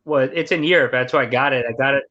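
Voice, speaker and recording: A man chatting as a guest on a live stream in a relaxed, agreeable way. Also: medium pitch, fast talker. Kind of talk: casual chat. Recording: slightly dull lo-fi audio.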